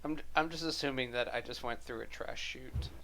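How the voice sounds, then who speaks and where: A man playing a tabletop game, chatting loudly and swearing. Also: mid-range voice, normal speed, vocal fry. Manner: loud, swearing, laughing. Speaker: player. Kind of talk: casual game chat.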